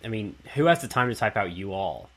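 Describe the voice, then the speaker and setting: A man with a fairly low voice and a Texas accent hosts a relaxed interview. He rambles and corrects himself mid-sentence, laughing easily as he talks. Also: a little fast. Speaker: podcast host. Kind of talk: casual interview chat.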